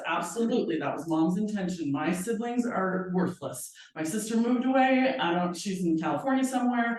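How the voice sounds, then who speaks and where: A woman presenting at a training seminar, telling a story and acting out the people in it with lively voices. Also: mid-range voice, moderate pace, hardly any pauses. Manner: animated, acts out quoted people with voices. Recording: very echoey room, voice from far off.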